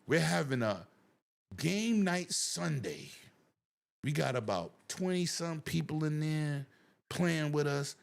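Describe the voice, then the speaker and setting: A man hosting a casual gaming chat who talks loudly and animatedly, often over other people. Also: on the high side, vocal fry. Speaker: show host.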